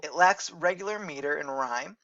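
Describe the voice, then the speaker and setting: Measured male teacher, slightly high voice. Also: pushed and bright, highs cut off. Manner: explanatory, measured, corrects his own slips. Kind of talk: recorded lecture on poetry.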